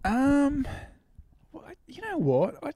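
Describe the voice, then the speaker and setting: A man's voice: very high voice, wildly swooping pitch, slow, mellow, a little hiss or hum. A man who writes about surfing, chatting as a podcast guest, rambling and laughing at himself as he goes. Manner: rambling, laughing, self-deprecating. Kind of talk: casual interview chat.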